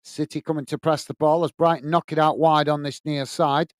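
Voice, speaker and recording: A man's voice: fairly high pitch, flat delivery, fairly quick, no room sound, clean studio sound. A middle-aged man hosting a live football watch-along, calling the play and chatting with viewers as he reads their comments. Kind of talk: live match commentary and chat reading.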